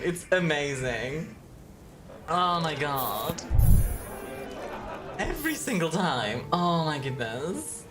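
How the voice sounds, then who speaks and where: A woman streamer from Belgium with a deeper voice, chatting casually and giggling with her viewers. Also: sing-song, slow, long pauses. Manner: giggly, warm toward chat, chatty. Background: background music.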